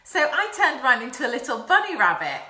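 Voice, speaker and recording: A woman's voice: high-pitched, big pitch swings, fairly quick, pushed and bright. Bubbly woman in an echoey room. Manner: chatty, apologetic and bubbly, addressing children. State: out of breath. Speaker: children's craft presenter. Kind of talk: live-streamed craft lesson for children. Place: home, indoors. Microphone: phone or webcam livestream.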